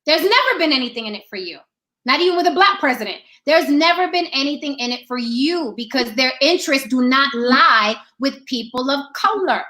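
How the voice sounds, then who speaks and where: A woman's voice: high-pitched, sharp tone. A woman hosting a discussion show, talking in an emphatic, profane way and repeating rhetorical questions to drive her point home. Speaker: podcast host. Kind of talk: opinionated discussion.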